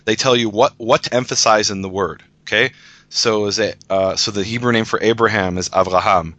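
A man's voice: lowish voice, steady tone, brisk, fairly bright tone, dry recording, muffled recording. A man in a casual discussion, patiently explaining scripture as a guest teacher, often restarting his sentences.

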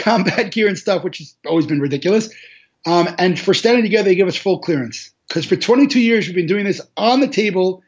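A man, a charity organizer giving an interview, telling a war story in an animated way, with restarts and laughs. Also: high voice. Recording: dull lo-fi audio.

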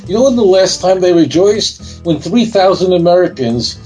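A man's voice: sits high, big pitch swings, normal speed, darkish tone, faint music behind, rough recording. A man speaking as a guest in a talk show interview, emphatic and insistent, often repeating himself.

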